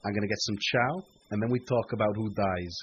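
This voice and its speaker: Man doing a low, gruff American gangster boss, blunt and menacing. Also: fairly quick, highs cut off. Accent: put-on American.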